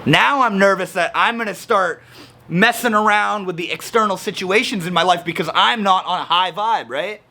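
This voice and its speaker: A man's voice: sits high, normal speed, sharp tone. A man talking about his week in a casual personal vlog, rambling with slang and frequent restarts. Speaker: vlogger.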